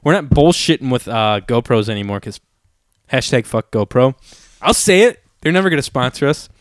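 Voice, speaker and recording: A man's voice: medium pitch, lively intonation, a little fast, clear, resonant tone, no room sound, studio quality. A man hosting a casual podcast, trading crude jokes and swearing freely as he chats with a friend. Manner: crude, joking, swears a lot. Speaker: podcast host.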